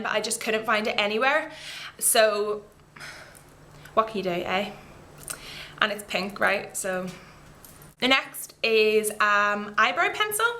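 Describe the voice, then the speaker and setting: With a medium-pitched, pushed and bright voice, a woman beauty vlogger gushes casually over her favourite makeup. As she demonstrates products for the camera, she drifts into rambling side comments.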